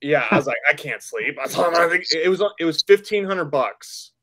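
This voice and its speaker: A man's voice: on the high side, a little fast, a bit bright. A man in a casual chat, talking in a hesitant way, full of fillers.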